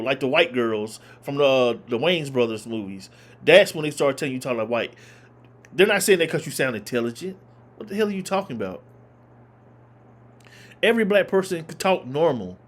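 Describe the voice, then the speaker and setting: A man giving emphatic, opinionated commentary as a reaction video host, hammering his points by repeating them. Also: high-pitched. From Southern United States.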